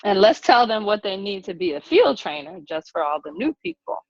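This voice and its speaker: A woman's voice: mid-range voice, big pitch swings, a little fast, dry recording. A woman joining a team training over a video call, speaking in broken fragments through choppy audio. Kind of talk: casual remarks on a video call. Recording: muffled choppy call audio with guitar music behind.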